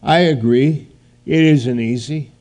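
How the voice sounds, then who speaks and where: A man preaching a sermon, telling a story in a halting way and then building to loud, emphatic outbursts. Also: mid-range voice, soft background music.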